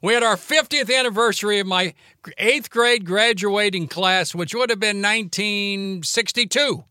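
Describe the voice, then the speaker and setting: A man in his seventies, a radio host and lawyer, telling stories from his life in a forceful, driving cadence during a casual interview. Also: sits high, smooth, no room sound, clean studio sound. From Cincinnati, Ohio. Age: 70s. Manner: aggressive rapid cadence.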